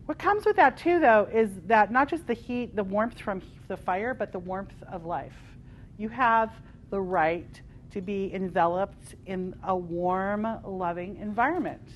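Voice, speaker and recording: A woman with a mid-range voice leads a live spiritual workshop in front of a group. Her delivery is passionate and emphatic, swinging from loud declarations down to quieter asides. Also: mid-range voice, unhurried, slight background noise. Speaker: workshop leader. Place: workshop room with a live audience.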